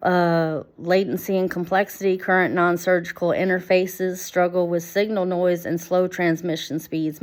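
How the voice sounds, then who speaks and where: Rambling woman, slightly low voice. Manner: halting, many fillers and restarts, exasperated. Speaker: vlogger. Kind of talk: rambling casual monologue, reading screenshots aloud.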